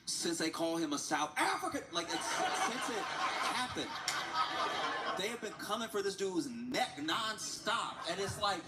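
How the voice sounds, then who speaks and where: A man with a slightly high voice chats casually on an art livestream, rambling through a story and laughing often. He repeats himself as he goes, and a steady background noise sits under the recording. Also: unhurried. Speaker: livestreaming artist.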